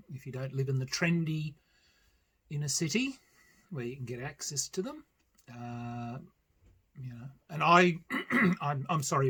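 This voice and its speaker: A man's voice: medium pitch, a bit bright, husky. An older Australian man chatting casually in a rambling, self-deprecating way on his board game vlog. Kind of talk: casual chat.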